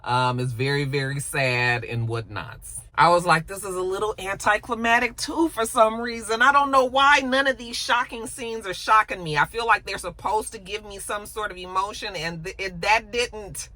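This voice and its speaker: A woman's voice: mid-range voice, moderate pace, few pauses. A woman recapping a TV episode in a casual, chatty and blunt way, with frequent asides. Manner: chatty, animated, blunt and profane. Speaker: TV recap YouTuber.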